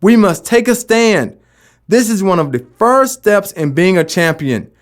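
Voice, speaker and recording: Man, high voice, motivational talk, emphatic, rhetorical questions. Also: lively intonation, a little slow. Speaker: motivational speaker.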